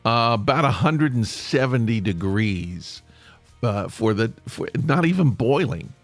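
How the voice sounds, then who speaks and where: Lively, chatty podcast host. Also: male voice, medium pitch, a little slow, no room sound, faint music behind. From United States. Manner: rambling and chatty, with frequent restarts and playful asides. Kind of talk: casual solo podcast monologue.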